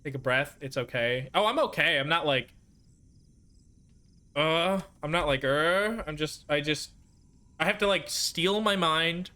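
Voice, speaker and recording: This man speaks at a fairly high pitch and a measured pace, leaving long pauses, his voice pushed and bright. Streaming a game, he chats casually and mutters to soothe himself as frustration flares in bursts.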